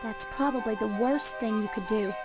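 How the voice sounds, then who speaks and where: A woman's voice: fairly high pitch, normal speed, over loud music, close to an everyday voice. Woman playing an uneasy young woman in a horror game. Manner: earnest, urgent. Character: worried young woman trapped in town.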